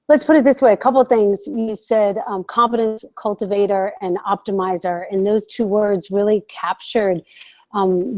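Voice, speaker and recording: A woman's voice: medium pitch, mellow. A woman from the United States, a mental health counselor, speaking as a podcast guest in an enthusiastic, reflective way. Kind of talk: casual podcast conversation.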